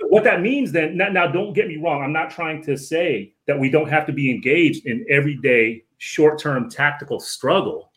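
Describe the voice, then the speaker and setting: A man's voice: on the high side, normal speed, hardly any pauses, fairly bright tone. Earnest lecturing man. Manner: earnest, lecturing, repeats words and says right?. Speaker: guest. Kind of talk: casual podcast conversation.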